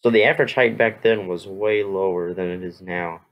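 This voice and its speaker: A man's voice: low voice, moderate pace, dull audio. A man reacting to a history video with rambling, exclamatory casual asides.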